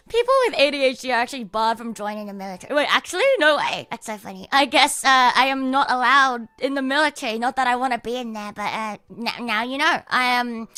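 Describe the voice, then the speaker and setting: Young woman streamer, sweary and rambling, very lively pitch, dry close mic. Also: brisk, clean tone, dry recording. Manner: rambling, filler-heavy, swearing, giggly. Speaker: livestreamer. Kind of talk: casual stream chat.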